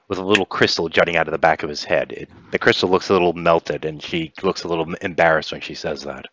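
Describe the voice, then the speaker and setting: A man narrating as game master in a relaxed, rambling way. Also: sits low, fast, a little hiss or hum. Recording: dull dry lo-fi recording.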